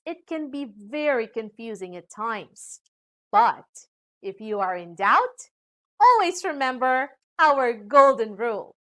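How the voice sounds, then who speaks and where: Slow, lively Filipino woman teacher. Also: a little high. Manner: slow, sing-song teaching voice with exaggerated intonation. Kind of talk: scripted lesson narration.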